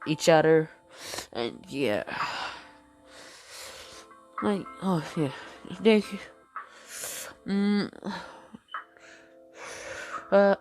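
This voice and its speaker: A woman retelling a fan story off the cuff, hesitant and full of fillers and restarts. Her voice is low and her pace slow, with faint music playing behind her. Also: animated, a little mellow. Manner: hesitant, lots of fillers and self-corrections. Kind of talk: improvised fan-fiction narration.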